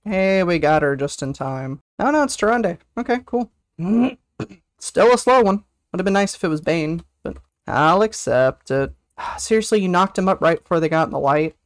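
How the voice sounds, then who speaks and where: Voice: mid-range voice, normal speed, no room sound, clean studio sound. A livestream host chatting casually over online gameplay, teasing teammates, humming to themself and whooping at good moments. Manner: chatty, teasing, hums and sings to self, excited whoops.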